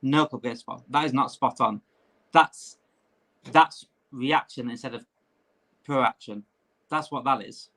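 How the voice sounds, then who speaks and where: A man hosting a casual live-stream chat, ranting in an animated way. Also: mid-range voice, unhurried, pauses often.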